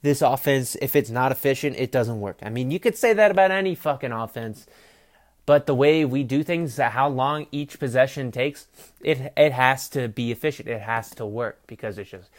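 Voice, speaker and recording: Profane, rambling sports podcaster. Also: male voice, mid-range voice, expressive, moderate pace. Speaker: podcast host. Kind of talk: casual sports commentary. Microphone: phone.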